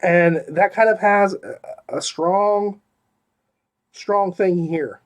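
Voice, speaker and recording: A middle-aged man talks through a book review in a loose, rambling way. His voice sits a little high and jumps between loud bursts of excitement and muttered asides. He keeps checking in with "okay?" as if chatting with a friend. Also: slow pace. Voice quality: animated, emphatic, swings between loud exclamations and mumbled asides. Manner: rambling and self-interrupting, with repeated 'okay?' and 'like'. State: hiccuping. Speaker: podcast host reviewing audiobooks. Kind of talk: casual spoken book review.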